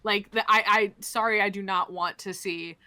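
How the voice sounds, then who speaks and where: Bright-voiced woman ranting about hockey. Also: mid-range voice, steady tone, normal speed, clean tone. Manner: profane, fired-up ranting. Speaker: podcast co-host. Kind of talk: casual hockey chat.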